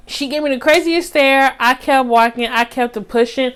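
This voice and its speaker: A young woman vlogger telling a story in a casual, animated way. She talks straight to her viewers in slang, and her voice jumps high for drama. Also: normal speed, hardly any pauses, smooth. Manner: animated, dramatic retelling with sudden high squeaks.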